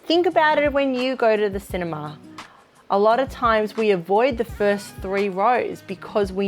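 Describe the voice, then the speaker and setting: A woman's voice: mid-range voice, animated, normal speed, soft background music. Encouraging woman teaching early childhood educators. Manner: practical, encouraging, demonstrates read-aloud intonation. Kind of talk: instructional video talk.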